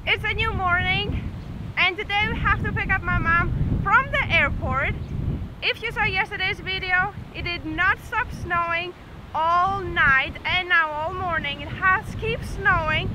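High-voiced woman vlogging in windy snow. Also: a little slow. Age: 20s. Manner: chatty, upbeat, talking loudly over the wind. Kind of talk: casual vlog talk to camera. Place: outdoors on a snowy farm in strong wind. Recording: wind noise on camera mic. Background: wind noise.

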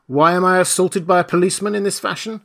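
A man's voice: high voice, steady tone, fast, creaky, fairly bright tone, voice pushed up. A man voicing a savage invisible stranger. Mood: indignant. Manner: haughty, irritable protests.

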